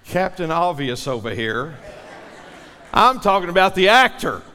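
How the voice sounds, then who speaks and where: In a church sanctuary, a pastor with a high, bright voice preaches a sermon, very animated but a little slow. He builds to forceful peaks and has the congregation repeat lines back to him while a long reverb trails behind.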